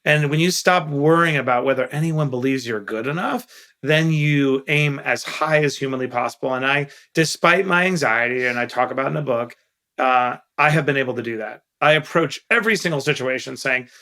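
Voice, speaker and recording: Middle-aged New man, podcast guest, candid and earnest, gravelly voice with a bright, forceful edge. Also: mid-range voice, fairly quick. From Queens, New York. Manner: candid, earnest storyteller who stresses key points. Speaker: guest investor. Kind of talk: podcast interview storytelling.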